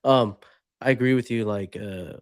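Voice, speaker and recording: A man's voice: on the low side, no echo, studio quality. A man, a podcast host and Army veteran, chatting loosely with many fillers. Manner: loose, halting, full of "like" and "uh". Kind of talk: casual interview chat.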